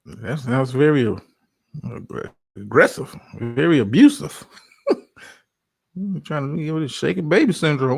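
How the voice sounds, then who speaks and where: Gravelly, animated male reaction host. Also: a little high, measured pace, pauses often. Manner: laughs often, playful, talks back to the clip. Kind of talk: casual reaction commentary.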